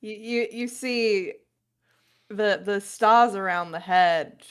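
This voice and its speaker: A woman's voice: mid-range voice, slow, smooth. A woman co-hosting a casual stream, teasing and laughing along. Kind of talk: casual chat.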